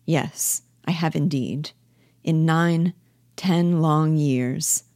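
A woman's voice: low voice, very slow, a little mellow, no echo, studio quality, heavily acted. A woman reading a timid, dejected widow. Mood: subdued.

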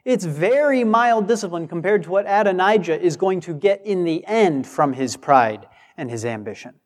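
A man's voice: high voice, expressive, normal speed. A man preaching a sermon with emphasis, acting out the replies he quotes. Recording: long hall reverb.

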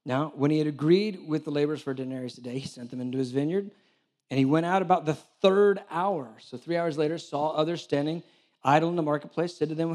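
Man, preacher, lively storytelling sermon, slightly high voice. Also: fast. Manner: animated storytelling, acts out dialogue, jokes with the congregation. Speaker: church director preaching.

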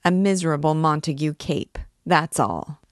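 A merry, impudent young student, as a woman reads him aloud, cheeky and careless in how he talks. The voice is low and sounds dry and close. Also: normal speed, no room sound, lightly acted.

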